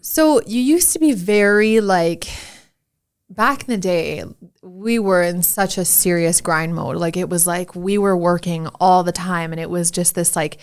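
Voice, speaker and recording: A woman's voice: on the low side, a little slow, clean tone. Chatty woman co-hosting a podcast. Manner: chatty, filler-heavy, says "like" often. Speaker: podcast co-host. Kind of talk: casual podcast conversation.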